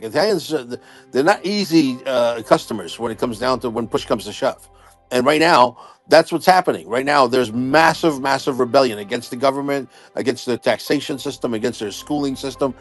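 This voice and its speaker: A man hosts a casual podcast, brash and profane, rambling through his points with lots of "uh" and "you know." His voice sits at a middle pitch. Faint music plays underneath. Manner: loud, profane, boastful, rambling with many fillers. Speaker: podcast host. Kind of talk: casual chat.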